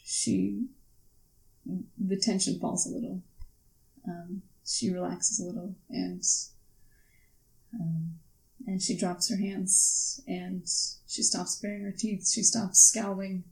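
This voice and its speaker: A woman player describes what her character does in a tabletop game. She hesitates often and speaks slowly. Her voice carries some room echo. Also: mid-range voice, vocal fry. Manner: hesitant, with many fillers. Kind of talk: tabletop role-play narration.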